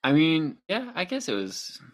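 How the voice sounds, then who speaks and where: A man's voice: a little high, huge pitch swings, moderate pace. A man co-hosting a podcast in casual chat, rambling, stumbling over words and laughing often. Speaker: podcast co-host.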